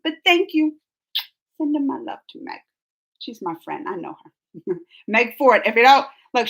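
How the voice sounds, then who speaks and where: High-voiced woman chatting on a live stream. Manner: rambling, animated and indignant, with quick laughs. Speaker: streamer reading live chat. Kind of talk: casual live-stream chat.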